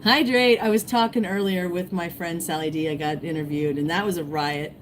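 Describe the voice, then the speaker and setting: A woman hosting a casual fishing livestream, rambling and repeating herself, her voice going hoarse as she greets viewers. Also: lowish voice, steady tone, brisk, a little hiss or hum, poor audio. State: losing her voice, clearing throat. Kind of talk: casual live-stream chat.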